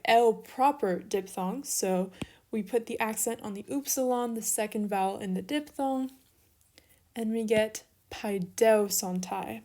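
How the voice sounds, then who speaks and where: A woman's voice: fairly high pitch, dark tone. A young woman teaching an online lesson, working through steps methodically and talking herself through small mix-ups.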